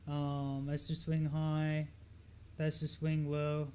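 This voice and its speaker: A young man from Lebanon talks loosely over trading charts on a live stream, pitched a touch above most men. He drifts and repeats himself, filling pauses with ums and asides. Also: monotone, dark tone, clean tone. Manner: loose, rambling, lots of fillers and repeats. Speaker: market analysis streamer.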